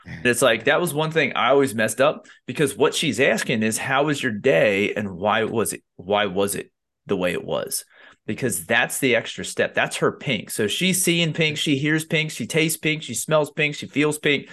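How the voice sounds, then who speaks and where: A man's voice: mid-range voice, moderate pace. A man hosting a casual podcast conversation. He talks loosely and animatedly, full of fillers and restarts, and slips into little acted-out quotes as he tells his stories. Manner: animated storytelling, acts out quotes with lots of fillers. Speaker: podcast host.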